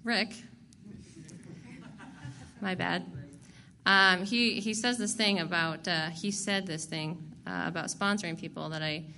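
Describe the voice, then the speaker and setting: A woman's voice: fairly low pitch, steady tone, a little slow, long pauses, sharp tone. A woman candidly sharing her recovery story to a group, blunt and profane and laughing at herself. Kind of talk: candid personal testimony.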